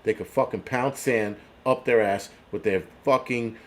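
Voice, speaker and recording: A man's voice: fairly low pitch, a little slow. A man with a New York accent, hosting a prepper channel, who reads a list aloud and rants over it with angry, profane sarcasm.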